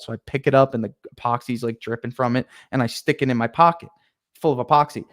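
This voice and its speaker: Young male podcast guest, lively storyteller, acts out his own lines. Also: medium pitch, fast. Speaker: podcast guest, painting contractor. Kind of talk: casual storytelling.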